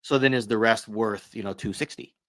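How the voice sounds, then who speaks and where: Thoughtful low-voiced man, podcast guest. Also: steady tone, fairly quick, a bit bright, dry recording. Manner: reflective, checks agreement with "right?". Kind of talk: casual chat.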